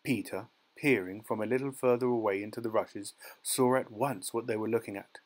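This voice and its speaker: Low-voiced male audiobook narrator. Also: low-quality recording. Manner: measured, dramatic storytelling. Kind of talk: scripted narration.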